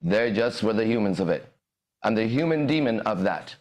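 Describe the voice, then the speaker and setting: A man's voice: fairly low pitch, expressive, normal speed. A man hosting a podcast and giving a profane, swaggering motivational monologue. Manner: swaggering, profane, bursts into shouted lyrics. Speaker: podcast host and dating coach. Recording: echoey room.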